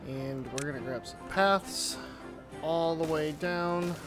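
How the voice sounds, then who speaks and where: A man giving casual commentary on his own gameplay, thinking aloud as he builds in a relaxed way. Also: on the high side, takes it slowly, music in the background. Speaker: gaming YouTuber. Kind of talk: casual let's-play commentary.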